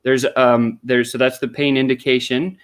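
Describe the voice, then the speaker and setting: In a conversational interview, a man working as a sales consultant explains his sales method one step at a time, acting out sample exchanges of questions and replies. His voice is smooth and medium-pitched, with a level tone at a moderate pace.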